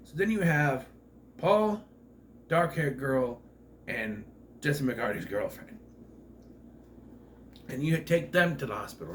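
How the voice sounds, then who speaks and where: A man rambling through a casual spoiler review of a horror movie, forgetting character names and clearing his throat. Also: mid-range voice, a bit bright, slight background noise.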